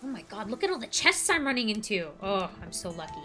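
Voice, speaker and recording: A woman's voice: medium pitch, sing-song, quick pace, over music. A woman streaming a game, chatting casually and playfully, teasing her viewers. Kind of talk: casual chat while gaming on stream. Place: at a home computer desk.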